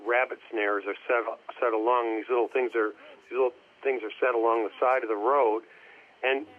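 A man chatting casually on a commentary track, rambling and halting as he searches for his words, heard over a phone line. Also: mid-range voice, fairly even intonation. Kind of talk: casual chat.

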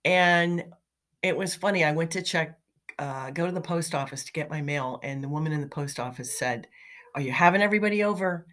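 A woman's voice: low voice, steady tone, moderate pace, fairly bright tone. A middle-aged woman talking in a chatty, motivational way, telling anecdotes with fillers and light laughs. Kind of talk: casual motivational storytelling.

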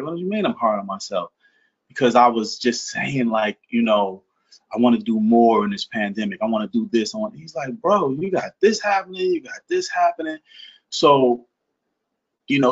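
A man's voice: medium pitch, husky. Jersey guy on a podcast, chill and thoughtful, kinda muffled audio. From Newark, New Jersey. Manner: relaxed, reflective, many fillers and restarts. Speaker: interview guest. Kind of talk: casual conversation.

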